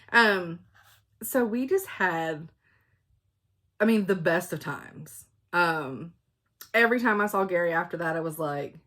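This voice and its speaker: A middle-aged woman, telling stories in a loud, chatty vlog and laughing often. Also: fairly low pitch. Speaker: cross-stitch vlogger. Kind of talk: casual storytelling chat.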